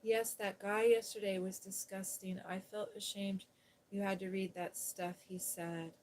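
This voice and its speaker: A woman hosting a soft-spoken ASMR livestream, chatting gently with viewers and recapping a children's story in a sweet, cooing tone. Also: mid-range voice, little pitch movement, measured pace, rough recording. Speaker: ASMR host reading aloud.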